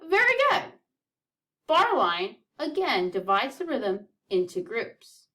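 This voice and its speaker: Lady music teacher counting beats w kids, high lively voice, kinda far from the mic. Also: slow pace. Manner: upbeat, encouraging, counts beats aloud. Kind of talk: children's music lesson.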